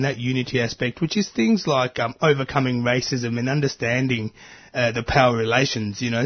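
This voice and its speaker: Man, radio host, chatty, stumbling restarts, muffled radio sound. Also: medium pitch. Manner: conversational, stumbling restarts, agreeable fillers. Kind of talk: radio interview.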